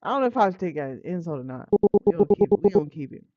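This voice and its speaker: A streamer playing a visual novel, reacting to the story with animated, slang-filled remarks that jump up in pitch. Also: racing, no echo, narrow, tinny audio, faint music behind. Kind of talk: playthrough with reading and reactions.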